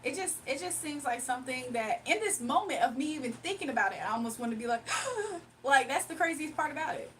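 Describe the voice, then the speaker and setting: A woman chatting casually with her viewers on a livestream, animated and laughing often. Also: sits high, quick pace, hardly any pauses, slight background noise.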